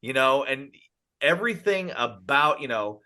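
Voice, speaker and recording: A man co-hosting a podcast, chatting about a movie in an animated way, often saying "you know". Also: medium pitch, measured pace. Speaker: podcast co-host. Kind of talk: casual movie discussion.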